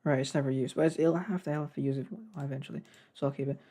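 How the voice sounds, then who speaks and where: In a casual devlog, a young man races through commentary on his game development, rambling off on tangents and poking fun at himself. He has a mid-range, dark-toned voice and keeps a steady tone.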